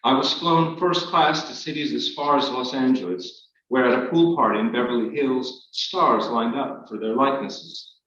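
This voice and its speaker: A man reading his memoir aloud to an audience, in a measured, wry storytelling manner. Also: mid-range voice, a bit bright. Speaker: author reading his work. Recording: echoey hall, distant, dull.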